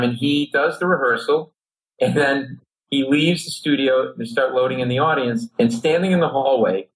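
A middle-aged comedian telling a comic anecdote on a talk show, animated, acting out voices and his own panic. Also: medium pitch, husky, rough recording. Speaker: comedian guest.

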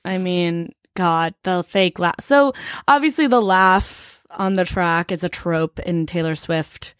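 A woman's voice: on the low side, slow pace, clear, resonant tone, no echo, clean studio sound. A woman co-hosting a podcast in casual chat, talkative, swearing casually and laughing often. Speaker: podcast co-host.

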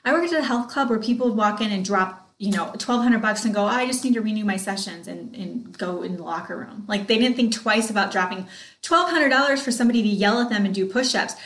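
A woman in her thirties, hosting a podcast and coaching on sales in an excited, chatty way, talking straight to her listeners. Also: on the high side, reverberant. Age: 30s. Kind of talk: casual motivational talk.

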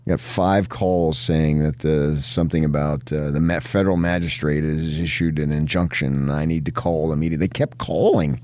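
Middle-aged man from New Jersey, very deep voice, dry close mic, rambling storyteller co-host. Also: fairly even intonation, moderate pace, few pauses, a little mellow, no room sound. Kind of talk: casual chat.

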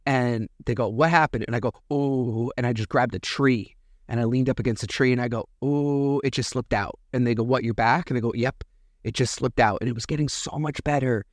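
A man's voice: mid-range voice, fast, dry recording. Chatty man telling a story, dry mic. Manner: rambling, animated retelling with many fillers. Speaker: podcast host. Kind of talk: casual solo storytelling.

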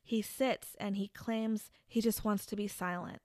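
A woman's voice: mid-range voice, fairly even intonation, a little slow, a little mellow, no echo, clean studio sound. Woman telling a true crime story. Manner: dramatic reveals, trailing restarts. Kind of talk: casual storytelling chat.

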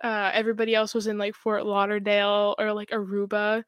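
A young woman talking in a loose, chatty way, full of fillers and quick laughs. Her pitch sits in the middle, and the recording is dry and close with no room around it. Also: monotone, clean tone, no echo. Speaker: guest, hockey goaltender. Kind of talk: casual podcast chat.

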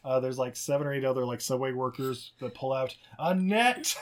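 A man's voice: mid-range voice, animated, normal speed. Profane, rambling man recapping a movie. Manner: rambling, profane, laughs often and slips into mocking voices. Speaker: podcast co-host. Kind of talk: casual movie recap chat.

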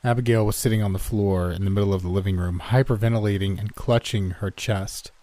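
Male horror narrator; mellow, dark tone, steady and measured. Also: lowish voice, no room sound.

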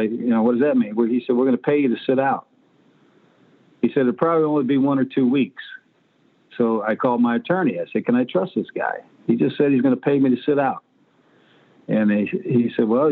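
Over a thin phone line, a former pro quarterback in his sixties trades blunt, profane anecdotes in a storytelling interview, acting out the quotes. His mid-range voice moves fairly quickly.

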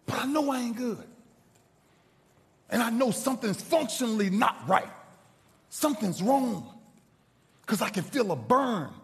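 A man giving an inspirational speech to a live audience, telling a story dramatically and swinging from loud bursts to hushed asides. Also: very high voice, very animated, unhurried, vocal fry, long pauses. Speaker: motivational speaker. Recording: long reverb of a large hall.

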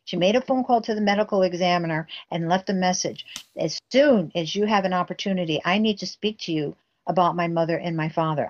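A woman's voice: lowish voice, lo-fi sound. A woman guest telling a family story intensely, acting out the quoted dialogue herself. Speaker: guest recounting a family case. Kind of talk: emotional storytelling interview.

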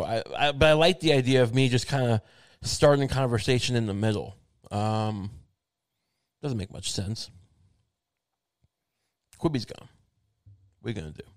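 A man's voice: medium pitch, no room sound. Man, wry rambling monologue, frequent restarts, dry close sound, mid-range voice. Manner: wry, meandering, thinks aloud with many restarts. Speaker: show host.

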